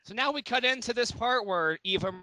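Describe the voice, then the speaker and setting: A man's voice: very high voice, lively intonation, fairly quick, bright, forceful tone, no room sound, rough recording. A man co-hosting a casual review podcast, recapping episodes in a wry, profane way. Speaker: podcast co-host.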